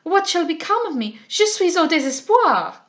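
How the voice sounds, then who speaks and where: A woman's voice: lively intonation, normal speed. A woman voicing an elderly foreign lady with a put-on French accent, exclaiming in distress. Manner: exclaiming, high and loud.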